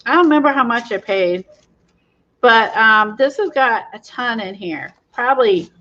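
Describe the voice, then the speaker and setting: A woman's voice: on the high side, lively intonation, moderate pace, fairly bright tone, lo-fi sound. A woman hosting a craft livestream, chatting casually, laughing often and reading the live chat.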